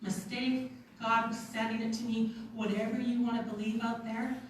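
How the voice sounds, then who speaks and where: A woman's voice: a little high, level tone, normal speed, far from the mic, slight background noise. Emotional woman speaking in an echoey hall. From Canada. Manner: heartfelt, close to tears, nervous laughs. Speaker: network marketing team leader giving a speech. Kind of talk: emotional personal testimony. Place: large event hall.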